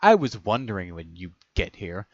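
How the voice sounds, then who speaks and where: A cold, possessed young villain, read by a man, who murmurs his threats low and even. The deep voice sits close on a dull, muffled mic with a dry sound. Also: normal speed, no echo. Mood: menacing.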